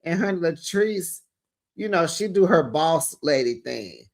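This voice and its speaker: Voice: medium pitch, lively intonation, unhurried, gravelly. A reality TV recap host giving sassy, casual commentary to viewers, calling them besties and honey and acting out the cast's lines. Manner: acts out the cast's lines in dramatic voices.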